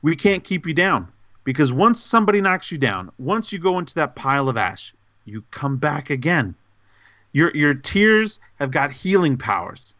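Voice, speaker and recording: A man co-hosting a gaming podcast, rambling excitedly and goofily in over-the-top praise. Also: on the high side, moderate pace, no room sound, muffled recording. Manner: excitable, goofy, hyperbolic rambling. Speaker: podcast co-host. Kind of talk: casual podcast chat.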